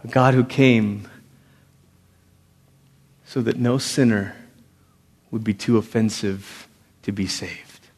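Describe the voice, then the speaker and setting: A man's voice: on the low side, slow pace, long pauses. Preaching man in a reverberant church. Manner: animated preaching, swinging from loud to hushed. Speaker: pastor. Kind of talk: sermon. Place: church sanctuary. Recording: long reverb of a large hall.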